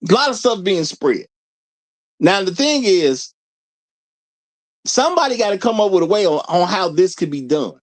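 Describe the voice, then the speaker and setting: Male live-stream host, casual and rhetorical, laughs a lot, animated intonation. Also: high-pitched, moderate pace, long pauses. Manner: laughs often, repeats lines for emphasis; rhetorical, questions the audience. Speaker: show host.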